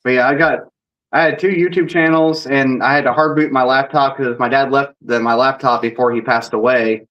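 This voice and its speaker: A man's voice: medium pitch, normal speed, muffled recording. Male paranormal investigator guest, chatty and rambling, mid-range voice. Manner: rambling, animated, reenacts dialogue. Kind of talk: casual storytelling.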